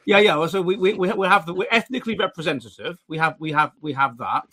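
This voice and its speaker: A man's voice: on the high side, fast talker, pushed and bright, husky. A middle-aged man hosting a casual chat show, rambling with frequent restarts and dry humour. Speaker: podcast host.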